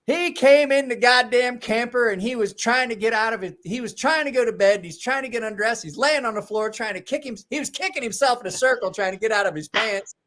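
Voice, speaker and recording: A man's voice: sits high, expressive, moderate pace, pushed and bright. Man playing an angry swearing woman, raised voice, scolding.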